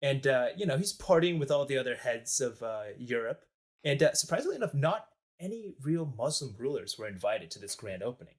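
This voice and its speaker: A man's voice: medium pitch, big pitch swings, brisk. A young man casually telling history on a podcast, joking and rambling with many fillers. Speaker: podcast co-host.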